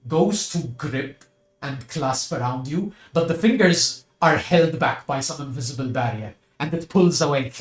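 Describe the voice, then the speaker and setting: Slow-narrating game master, man. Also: medium pitch, reverberant, faint music behind. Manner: slow, descriptive second-person narration.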